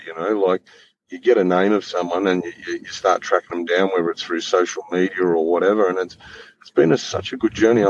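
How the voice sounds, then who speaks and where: This middle-aged Australian man is a podcast guest in a casual, rambling chat, swearing freely and restarting his sentences. His voice sits low and a little mellow. The lo-fi audio is slightly dull, with faint noise.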